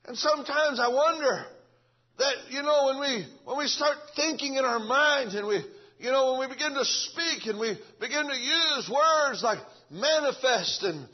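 A fervent preacher, repeating himself as he swings between shouting and hushed speech. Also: extremely high pitch, normal speed, highs cut off. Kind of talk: revival sermon.

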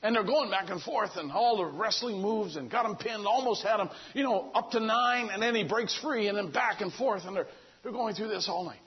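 A man delivers a folksy, conversational sermon, retelling the story with humor and acting out what the characters say. His husky voice sits high and moves at normal speed, on a dull lo-fi recording.

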